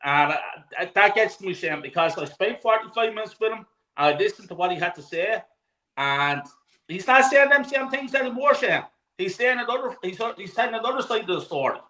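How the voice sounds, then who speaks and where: Irish man, high and bright voice, animated football host, swears freely, on a video call. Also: brisk, poor audio. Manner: animated, swears freely, laughs mid-story. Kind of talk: casual chat, storytelling.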